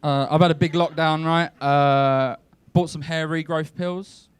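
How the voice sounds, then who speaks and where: A young man doing a stand-up comedy set on a club stage, telling his stories deadpan and breaking into shouted rants. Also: a little high, a little slow, clear, resonant tone, dry recording. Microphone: handheld stage mic.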